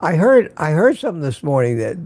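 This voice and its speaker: Older guy chatting on his morning stream, kinda high-ish mellow voice, sarcastic and rambly. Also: very animated, brisk, no echo. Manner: sarcastic, rambling, greets viewers by name. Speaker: livestream host. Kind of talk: casual morning livestream chat.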